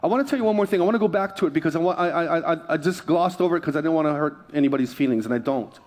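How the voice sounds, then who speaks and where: A middle-aged pastor preaching a sermon, telling stories in an animated way with many quick asides and restarts. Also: male voice, a little high. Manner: animated storytelling, self-interrupting asides.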